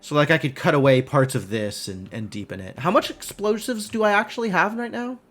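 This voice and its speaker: A man's voice: fairly high pitch, expressive, fairly quick, fairly bright tone. A man streaming a game live, thinking aloud in casual, rambling commentary full of "like" and puzzled questions to himself.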